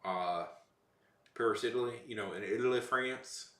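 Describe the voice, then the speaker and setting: Joking streamer man, bright voice. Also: medium pitch, moderate pace, roomy sound. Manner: rambling, playful joking with chat. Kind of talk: casual livestream chat.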